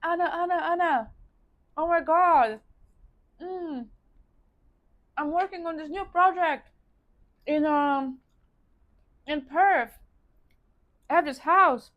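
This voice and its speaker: A woman voicing an excitable young Australian man in a quoted story, high and loud. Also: moderate pace, dull audio, close to an everyday voice. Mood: excited.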